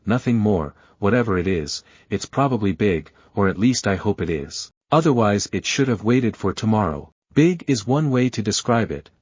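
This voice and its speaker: A man narrates a fan fiction story in a steady, even read. His voice sits low with a husky grain. The recording is dull and lo-fi, with a dry, close sound. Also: no room sound.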